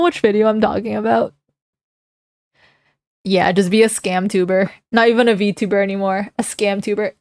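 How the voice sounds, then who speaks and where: A woman's voice: medium pitch, fairly even intonation, moderate pace, long pauses, darkish tone, no room sound, studio quality. A young woman streamer chatting casually with her live chat, giggling and reading comments aloud before reacting to them.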